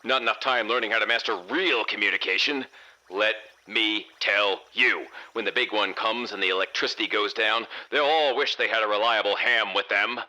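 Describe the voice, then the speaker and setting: An actor playing a gruff, bigoted older man speaking over a ham radio, with a raspy voice and a low, menacing manner. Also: moderate pace, poor audio. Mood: ranting. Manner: low, menacing, rising with excitement. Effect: heard over a radio.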